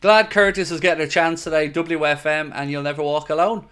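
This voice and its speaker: A man's voice: a little high, fairly even intonation, fairly quick, fairly bright tone, smooth. A young Irish man hosting a football watchalong stream, chatting casually and reading out viewer comments. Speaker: watchalong host.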